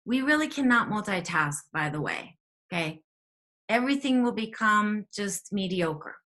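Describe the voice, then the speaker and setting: A woman co-hosting a spiritual talk show, telling stories in a chatty, animated way. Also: mid-range voice, moderate pace. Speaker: podcast co-host, teacher.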